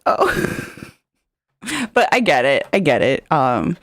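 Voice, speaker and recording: A woman's voice: low voice, very animated, slow, long pauses, no room sound. A woman streamer reacting to a video in casual commentary, rambling with lots of fillers and reading chat messages aloud.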